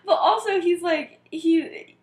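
A woman's voice: extremely high pitch, slow pace, darkish tone. Chatty young woman in an echoey room. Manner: chatty, heavy use of "like", frequent laughter. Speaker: podcast co-host. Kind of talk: casual chat, retelling a story.

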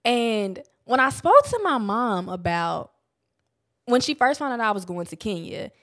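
A young woman, talking casually and candidly about self-help to her viewers, swearing freely and getting animated. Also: on the high side, unhurried. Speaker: vlogger.

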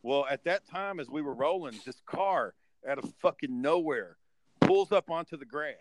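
Heavy background noise surrounds a man with a fairly high voice speaking at a moderate pace. He's a guest telling a rowdy, profane story in casual conversation, acting out what people said.

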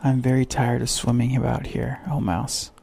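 A man's voice: mid-range voice, little pitch movement, moderate pace, mellow. A man voicing an eager, polite little girl while reading a storybook aloud. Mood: musing. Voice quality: creaky, husky. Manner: eager, chatty, earnest.

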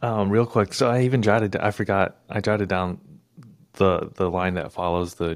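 A man's voice: sits low, little pitch movement, normal speed, no room sound. A man in his thirties co-hosting a podcast, chatting casually and answering with short agreeing replies. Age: 30s. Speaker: podcast co-host. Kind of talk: casual chat.

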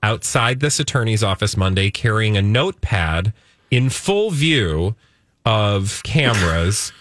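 Animated, playful male podcast host. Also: fairly low pitch, a little slow, no echo, clean studio sound. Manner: animated, playful, mock-outraged. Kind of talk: casual comedic chat.

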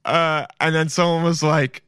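Man, podcast host, casual comedic rant, rambling, swears a lot, fairly high voice, dry close sound. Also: little pitch movement, measured pace, fairly bright tone, clean tone, dry recording. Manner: rambling, swears, keeps saying "dude".

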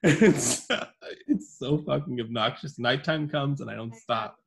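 A man co-hosting a podcast, telling a story in casual chat, swearing and breaking into laughter and yells. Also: medium pitch, a little slow, creaky, breathy edge. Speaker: podcast co-host.

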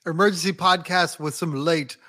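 A man co-hosting a casual baseball podcast, relaxed and jokey. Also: fairly high pitch, normal speed. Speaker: podcast co-host.

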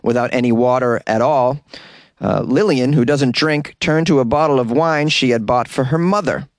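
A man's voice: mid-range voice, normal speed, no room sound. Wry male comedian reading news. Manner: wry, jokey asides, mock exasperation. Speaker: podcast host and comedian. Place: closet. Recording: dry closet recording.

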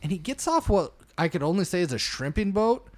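A man talking movies with friends in a casual podcast. His voice sits high and swings widely in pitch. He jokes, swears and pushes his points with playful energy. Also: a little fast. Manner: animated, profane, jokey. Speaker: podcast co-host.

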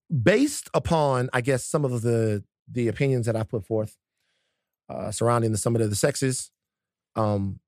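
A man co-hosting a podcast, speaking in an everyday stop-start way and restarting his sentences often. His voice sits at a middle pitch for a man. The sound is dry and close, with almost no room echo. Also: darkish tone. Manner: conversational, stop-start with many fillers and restarts. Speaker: podcast co-host. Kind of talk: casual podcast chat.

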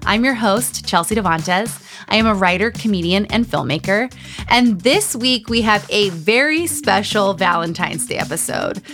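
A woman's voice: medium pitch, expressive, moderate pace, fairly bright tone, faint music behind. A woman in her thirties hosting a podcast in a chatty, bubbly way, rambling with lots of filler words. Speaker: podcast host.

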